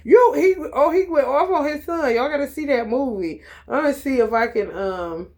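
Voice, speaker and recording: A woman's voice: high-pitched, animated, moderate pace, a little mellow. A woman giving a casual tarot reading. She talks bluntly and profanely, calls the viewers y'all and honey, and laughs often as she tells stories. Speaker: tarot reader.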